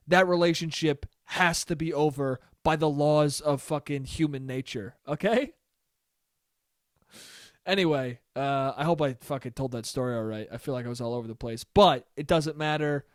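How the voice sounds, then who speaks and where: A young man hosting a solo podcast, telling a rambling, profane story in a casual, animated way. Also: on the high side, moderate pace, no echo, clean studio sound. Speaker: podcast host.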